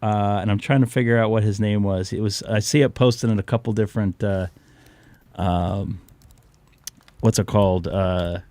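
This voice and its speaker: A man's voice: on the low side, steady tone, moderate pace, a little mellow, no room sound. A man hosting a ham radio live stream, chatting casually and telling rambling stories while losing his voice a little. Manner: rambling, storytelling, joking. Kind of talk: casual chat.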